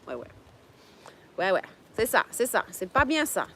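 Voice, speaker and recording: A woman's voice: mid-range voice, very animated, normal speed, slight background noise. A woman hosting a casual livestream, chatting with viewers, laughing often and slipping into French. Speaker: livestream host. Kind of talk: casual livestream chat reading viewer comments. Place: home in Jamaica.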